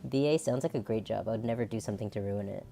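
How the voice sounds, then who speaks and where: A woman's voice: extremely low pitch, fast, vocal fry, warm tone, faint music behind. A woman streamer with a nasal, androgynous voice, chatting casually and rambling, laughing often. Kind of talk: casual chat.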